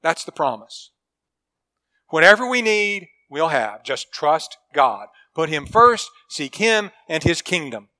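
A male preacher delivers a sermon in a high-pitched, bright voice. He talks earnestly and with emphasis, leaning on key phrases. He often sinks into quiet, intimate tones. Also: big pitch swings, slow. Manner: earnest, emphatic preaching with dramatic drops to a hush; acts out quoted people in a story.

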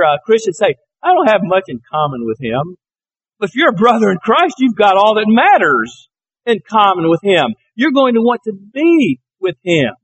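A man's voice: high-pitched, fairly bright tone, no room sound, poor audio. A man from Alabama preaching a sermon, telling folksy, anecdotal stories. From Alabama, USA.

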